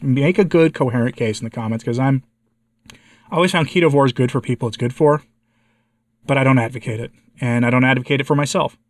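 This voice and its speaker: Congested hoarse guy vlogging, frustrated, asking viewers for help, dry close sound. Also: mid-range voice, no room sound. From United States. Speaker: vlogger, channel host. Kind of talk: casual personal update to viewers.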